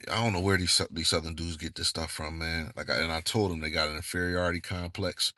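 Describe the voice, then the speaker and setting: Male host, very deep voice, exasperated casual rant, dry close sound. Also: steady tone, fast talker, few pauses, pushed and bright, dry recording. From Northeastern US. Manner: exasperated, repeats "man" and "bro". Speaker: channel host.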